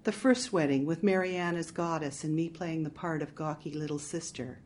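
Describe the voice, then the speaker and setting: Woman with a lowish voice narrating a story. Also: moderate pace, darkish tone. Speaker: audiobook narrator. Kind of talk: first-person audiobook narration.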